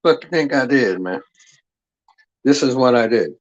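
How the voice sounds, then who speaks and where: A man's voice: medium pitch, lively intonation, unhurried, lo-fi sound. A man hosting a livestream, telling stories to his chat in a profane, rambling, streetwise way. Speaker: livestream host. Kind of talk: casual livestream storytelling.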